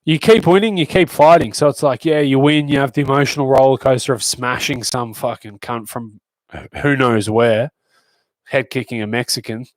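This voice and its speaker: A man's voice: mid-range voice, normal speed, dry recording. A young adult man with an Australian accent, a fighter guest chatting casually on a podcast, swearing a lot and bragging in jest. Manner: crude, swearing, boastful joking.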